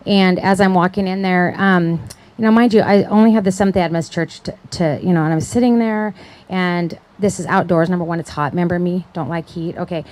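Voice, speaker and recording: A middle-aged woman giving a personal testimony at an indoor gathering, telling her story with lively acted-out quotes and laughter. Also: mid-range voice, fairly quick. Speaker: conference speaker. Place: indoor event hall.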